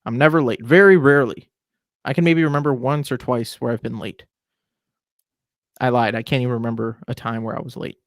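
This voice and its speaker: A man's voice: mid-range voice, steady tone, fairly quick, pauses often, no room sound, clean studio sound. A man in his twenties hosting a podcast, giving a chatty, opinionated rant in a casual style. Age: 20s. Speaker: podcast host.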